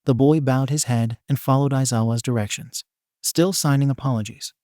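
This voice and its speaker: A man narrating a fan fiction story in an even, unhurried way. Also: medium pitch, dry recording, studio quality.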